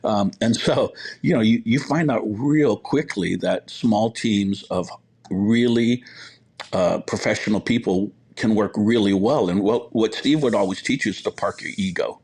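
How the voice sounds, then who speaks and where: A man's voice: lowish voice, measured pace, a little mellow, slightly rough. A middle-aged man, a podcast guest, telling long work anecdotes in a casual, rambling way full of fillers and quoted dialogue. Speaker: podcast guest, hospitality executive. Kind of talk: casual storytelling interview.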